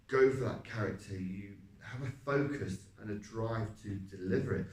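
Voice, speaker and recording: A man, an actor, reflecting on his vocal technique, halting and searching for words. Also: on the low side, a little mellow. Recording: roomy, distant mic.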